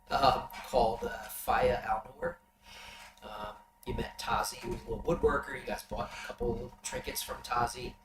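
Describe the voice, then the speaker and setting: Guy dm recapping last session kinda haltingly, mic far off, echoey room w some noise. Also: medium pitch. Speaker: game master. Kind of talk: recapping a tabletop game session. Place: room shared with players at the table. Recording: roomy, distant mic, background noise.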